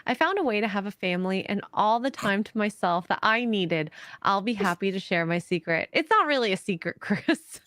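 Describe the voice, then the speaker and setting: A woman's voice: mid-range voice, animated, brisk, fairly bright tone, no echo. Chatty woman on a dry mic. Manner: chatty, laughs easily, trails off in restarts. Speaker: podcast co-host. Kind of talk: casual chat, reading out donations.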